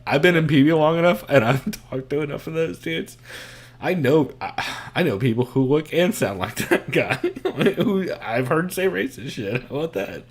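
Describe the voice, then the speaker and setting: A man's voice: fairly high pitch, sing-song, moderate pace. A man co-hosting a fight podcast in loose, profane chat, laughing often and steering the talk back on topic. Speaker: podcast co-host. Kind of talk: casual chat.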